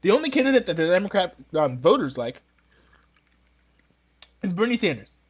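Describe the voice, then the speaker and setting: A man's voice: sits high, very animated, normal speed, husky. A man hosting a podcast, giving casual political opinions in a rambling, joking way with many restarts. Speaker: podcast host.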